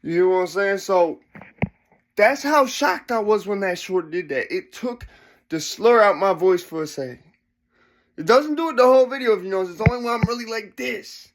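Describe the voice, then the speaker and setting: A man with a notably high voice delivers a casual, profane rant straight to his audience. His speech is slurred and loose. It rises to loud emphasis when he's worked up, and he keeps asking whether you see what he's saying. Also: animated, normal speed. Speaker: vlogger.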